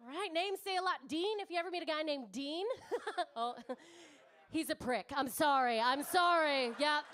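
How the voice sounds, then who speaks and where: A woman's voice: sits high, normal speed, fairly bright tone. A woman in her thirties doing a brash, swearing stand-up comedy set on a club stage, chatting with the crowd. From Canada.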